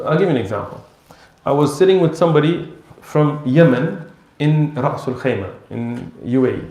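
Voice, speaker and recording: A man giving an Islamic lecture, telling stories in an animated way and acting out bits of dialogue. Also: a little high. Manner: animated storytelling with acted-out dialogue. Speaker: Islamic teacher. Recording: roomy echo.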